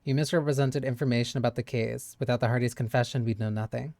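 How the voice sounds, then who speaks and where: A game streamer talks in a mid-range voice, animated and chatty, often laughing and swearing while reading lines aloud. The sound is close and dry, on a desk mic. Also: medium pitch, fast talker, no echo.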